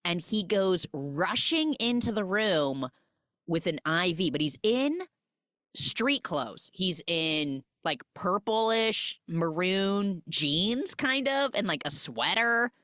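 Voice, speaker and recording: A woman's voice: on the low side, animated, takes it slowly, fairly bright tone, dry recording, clean studio sound. A woman hosting a podcast, casually and comically recapping a film and quoting its characters in mock voices.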